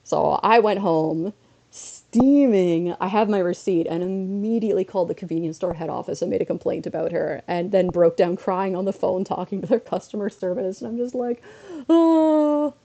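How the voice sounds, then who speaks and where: A woman's voice: lowish voice, gravelly. A woman streamer from North America telling a story in a casual way, slipping into quoted voices as she goes, a bit under the weather. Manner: animated storytelling with quick switches into quoted voices.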